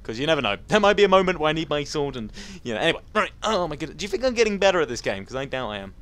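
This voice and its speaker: A man giving casual, jumpy let's-play commentary, talking to enemies and reacting out loud. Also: fairly high pitch, rapid-fire. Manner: jumpy, excitable, talks to enemies. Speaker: gameplay commentator.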